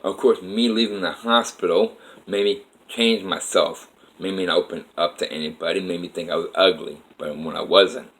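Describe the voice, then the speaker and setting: Low-voiced man rambling through his story. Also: steady tone, moderate pace, fairly bright tone, rough recording. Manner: earnest, meandering, frequent profanity. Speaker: vlogger telling his life story. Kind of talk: rambling personal monologue.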